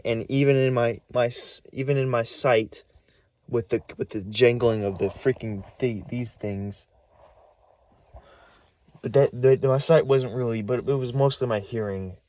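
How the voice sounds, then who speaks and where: A man's voice: mid-range voice, a little mellow. A man vlogging about a strange experience, talking nervously and stammering, restarting words, his voice swinging up and down. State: nervous and shaky. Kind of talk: rambling casual vlog.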